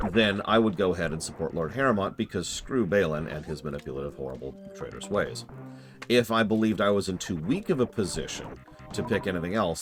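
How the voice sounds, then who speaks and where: A man streaming live, casually answering chat questions in a rambling, self-deprecating way. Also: deep voice.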